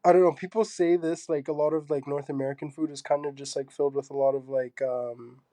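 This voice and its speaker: Soft, mellow young man, halting speech. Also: on the high side, fairly even intonation, dry recording. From Zambia. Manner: soft-spoken, halting, many fillers. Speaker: guest artist. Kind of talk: casual interview chat.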